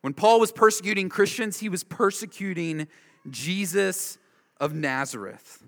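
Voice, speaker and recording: A man's voice: sits high, measured pace, a bit bright. A man preaching an expository sermon as a preacher, emphatic and driving home his points with repeated short phrases. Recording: long reverb of a large hall.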